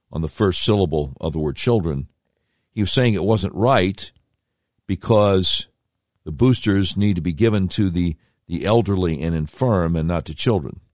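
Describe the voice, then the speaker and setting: Rich: A man with a low voice hosts a podcast, talking through the news with sarcastic, rambling commentary and slangy asides. The sound is dry and close, with no room echo. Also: a little mellow. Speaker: podcast host.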